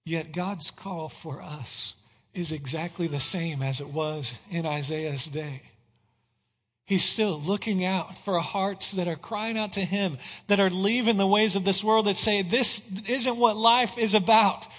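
A man preaching a sermon, swinging between hushed passages and loud exclamations of praise. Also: high voice, unhurried. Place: church sanctuary. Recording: long hall reverb.

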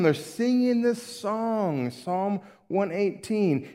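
Higher-voiced preacher in an echoing hall. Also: male voice, expressive, a little slow, a little mellow. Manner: conversational, asks the congregation questions, often adds "right?". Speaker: pastor. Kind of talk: sermon.

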